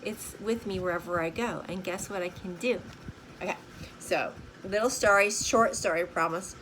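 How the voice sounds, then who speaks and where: A woman's voice: lowish voice, normal speed, fairly bright tone, a little hiss or hum, low-quality recording. An older woman with grandchildren, chatting in a bubbly, casual way as she shows a simple art journal craft, repeating words like "super" and asking "right?".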